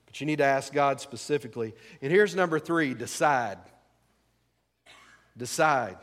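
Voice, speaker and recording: A man's voice: mid-range voice, expressive, a little slow, fairly bright tone. A male pastor preaching a sermon in a folksy, conversational way, asking the congregation questions. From rural American South. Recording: long hall reverb.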